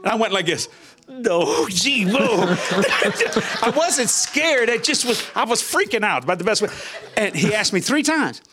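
An older man recounts a testimony as a guest minister. His voice sits high and swings widely in pitch. He chuckles often and acts out the voices he quotes. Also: very animated, unhurried, background noise. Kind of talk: testimony storytelling in an interview.

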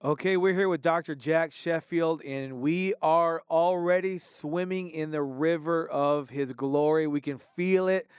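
A man's voice: fairly high pitch, fairly even intonation, measured pace, hardly any pauses, clear, resonant tone, dry recording. A man hosting a religious talk show, speaking fervently and prompting his guest. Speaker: host.

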